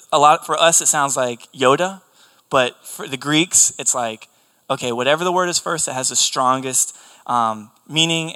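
A man's voice: mid-range voice, bright, forceful tone. A man preaching a sermon, earnest and emphatic, repeating his key phrases for weight.

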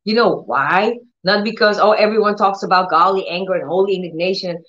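A woman's voice: mid-range voice, a little fast, fairly bright tone, dull audio. Emphatic woman preaching divine healing. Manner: emphatic, commanding, repeats words, acts out prayers. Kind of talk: charismatic healing sermon.

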